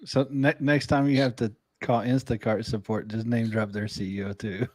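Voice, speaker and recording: A man's voice: medium pitch, flat delivery, moderate pace, no room sound. A man co-hosting a casual talk show, teasing the host with jokes and laughter. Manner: teasing, laughing, jokey interjections. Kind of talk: casual chat.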